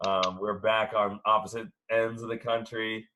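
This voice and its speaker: Halting man with a bright, forceful voice. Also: fairly low pitch, little pitch movement, a little hiss or hum. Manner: halting, many filler sounds. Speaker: co-host. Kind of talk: casual sports podcast chat. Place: at home.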